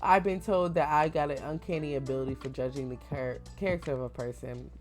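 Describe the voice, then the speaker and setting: A kindly older school principal, formal and reassuring toward a student, read aloud by a reaction host. The delivery is slightly lower than the reader's own voice. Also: fairly quick, faint music behind, natural voice.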